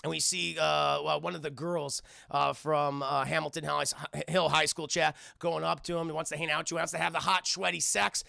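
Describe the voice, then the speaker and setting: A man's voice: on the high side, level tone, normal speed, vocal fry, hardly any pauses, sharp tone, no room sound, studio quality. A man casually recapping a cartoon episode for his live stream chat, rambling and swearing often. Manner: profane, rambling, addresses chat constantly.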